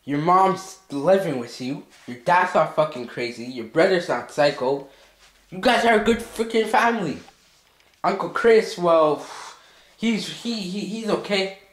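A man's voice: high-pitched, expressive, measured pace, reverberant. A male vlogger in an agitated comedic skit, swearing a lot and stammering over his words. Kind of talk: comedic self-argument skit.

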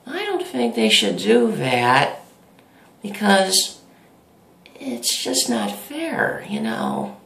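A man voicing a whiny, awkward, lonely teenage boy who talks haltingly and repeats himself. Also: high voice, wildly swooping pitch, gravelly, a bit bright, echoey room, pitched above the performer's own voice, heavily acted.

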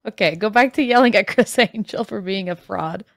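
A woman's voice: mid-range voice, normal speed, no echo, clean studio sound. A woman chatting casually over a phone call, shy and giggly, laughing often.

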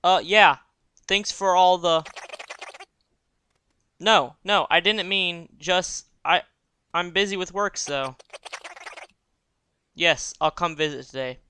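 Earnest, weary young man from a game, voiced plainly by a man, slightly high voice. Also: slow pace, long pauses, sharp tone, a little hiss or hum, exaggerated voice. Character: young man visiting his sick mother. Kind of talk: reading game dialogue aloud.

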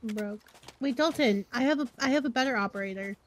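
A woman playing a shooter game with friends, briskly calling plays to her team. Her voice sits a little high, and faint game noise plays behind her. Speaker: gaming teammate. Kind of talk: casual gaming chat.

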